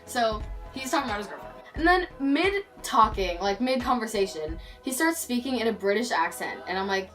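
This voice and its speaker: A teenage girl from Canada telling a story in a lively vlog, acting out what people said. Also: fairly high pitch, fairly quick, hardly any pauses, far from the mic. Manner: animated storytelling, acting out quotes. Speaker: vlogger. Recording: voice off-mic with loud background music.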